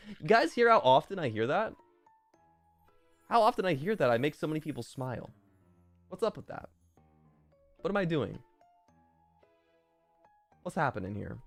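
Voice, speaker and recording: A young man streaming and casually chatting while reading fan messages, swearing often and jumping into loud outbursts. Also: fairly high pitch, no room sound. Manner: excitable, swears a lot, swings to loud outbursts.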